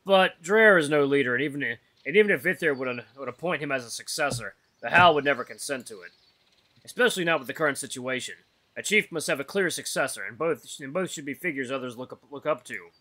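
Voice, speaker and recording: A man's voice: mid-range voice, lively intonation, fast talker, sharp tone. A man voicing a serious young male wolf heir as he reads a visual novel aloud, with an earnest, solemn delivery. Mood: resigned. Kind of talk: voiced visual novel reading.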